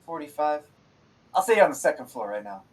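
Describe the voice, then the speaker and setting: A man's voice: fairly high pitch, sing-song, fast talker, breathy edge, poor audio. A man running a tabletop game as game master, talking casually, laughing often and swearing freely. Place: streamed online game session.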